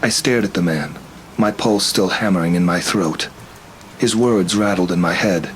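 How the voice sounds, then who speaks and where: A man narrating a first-person horror story in a steady, tense storytelling manner. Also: low-pitched, normal speed, slight background noise, poor audio.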